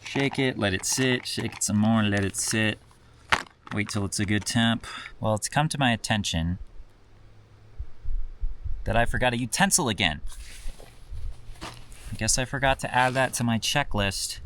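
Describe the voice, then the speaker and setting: A man's voice: fairly low pitch, a little slow, pauses often, fairly bright tone, a little hiss or hum. A man chatting casually to the camera on an outdoor hike, self-deprecating and a bit tired. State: tired after long hike. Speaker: vlogger. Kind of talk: casual hiking vlog. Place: outdoors on a desert hiking trail.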